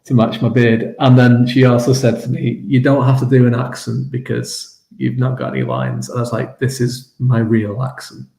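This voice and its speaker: A man's voice: mid-range voice, moderate pace, creaky, few pauses, dark tone, roomy sound, low-quality recording. A man in his forties hosting a casual talk show, telling stories with frequent laughs and restarts. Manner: laughs often, many restarts and ums. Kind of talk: casual chat.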